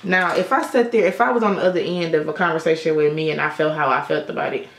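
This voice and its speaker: A young beauty vlogger talks fast with a low voice, vocal fry, and fairly even intonation, chatting through a makeup tutorial and swearing often as she tells stories. She's recording indoors at sunset, and the room sounds reverberant.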